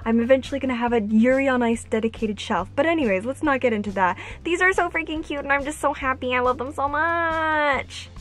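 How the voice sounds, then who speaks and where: A woman vlogging an unboxing, gushing and squealing with excitement. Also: high voice, fast, few pauses.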